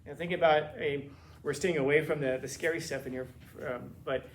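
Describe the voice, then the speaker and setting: A man teaching a classroom lecture, telling funny stories with quick asides and teasing his students. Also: on the high side, a little hiss or hum. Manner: joking, animated storytelling with quick asides.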